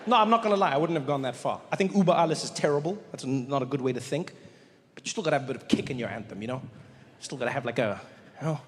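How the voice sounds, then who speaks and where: A man with a South African accent doing a stand-up set in a theater, animated and mocking in a conversational way. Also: mid-range voice, very fast, big-room sound. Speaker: stand-up comedian.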